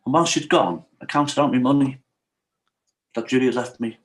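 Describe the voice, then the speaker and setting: A man's voice: medium pitch, fairly quick. Earnest middle-aged man. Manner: earnest, confessional, leans on "yeah" and "I said". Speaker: podcast guest. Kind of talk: candid personal storytelling.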